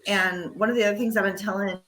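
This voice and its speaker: A woman's voice: medium pitch, fairly even intonation, fast talker, fairly bright tone, slight background noise. A woman speaking candidly and conversationally in a casual panel chat.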